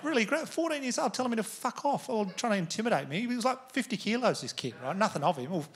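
A man's voice: high-pitched, lively intonation, fast. A man with an Australian accent doing a stand-up comedy set, telling crude, conversational stories to a live crowd. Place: comedy venue stage. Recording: live venue with audience noise. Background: audience laughter.

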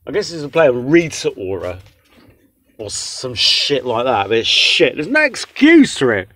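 A young man with a mid-range voice rants through a takeaway meal review at normal speed, his pitch swooping wildly as he swears constantly and rambles in exasperation. The casual vlog is recorded indoors on a phone or camera held close, giving a fairly bright tone.

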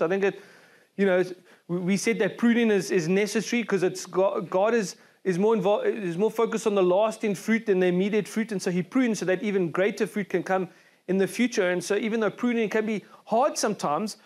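A South African man preaches from a church stage, his voice sitting notably high for a man. He talks earnestly and conversationally, often restarting and repeating words as he goes. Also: a little mellow. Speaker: pastor. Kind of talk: sermon. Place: church service.

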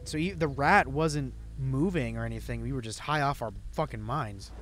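A man's voice: mid-range voice, moderate pace, over music. A young man giving casual, profane, jokey commentary while playing a game. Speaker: let's play host.

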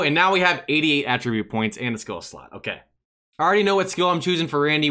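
A man casually narrating his mobile baseball game, talking to viewers and cheering loudly at big plays. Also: mid-range voice. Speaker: gaming channel host.

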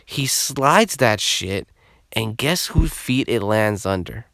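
A young man telling a story in a casual vlog, animated and heavy on swearing. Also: fairly low pitch, slow pace, creaky, dry recording, clean studio sound.

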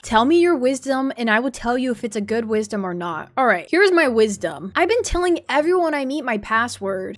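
A woman chatting through her gameplay in a loose, joking way. She giggles often and teases herself. Her voice sits a little on the high side. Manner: playful, giggly and self-mocking, with animated asides. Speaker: gaming YouTuber. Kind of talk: casual gameplay commentary.

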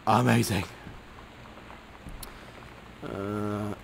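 A man's voice: mid-range voice, unhurried, a little hiss or hum. A man giving casual gameplay commentary, muttering offhand remarks, humming, swearing and reading items aloud. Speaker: game commentator.

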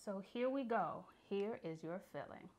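A woman's voice: medium pitch, lively intonation, a little slow, noisy background. A woman guest on a talk show who eagerly presents the pastries she makes. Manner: upbeat, presenting her products eagerly. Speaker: guest, bakery owner. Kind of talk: casual talk show chat.

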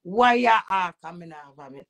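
A woman with a Jamaican accent ranting to camera as a social media personality, emphatic and preachy, swinging between loud outbursts and low muttering. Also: animated, normal speed.

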